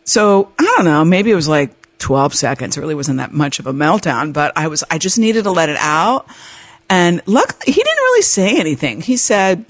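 A woman hosting a podcast, telling a personal story in an emotional, animated way, with laughs and restarts. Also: on the low side, moderate pace, dry recording. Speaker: podcast host.

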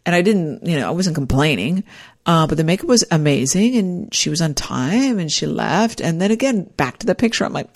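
A woman casually telling a personal story, animated and rambling, with frequent restarts. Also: lowish voice, a little fast. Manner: animated, acts out quoted dialogue.

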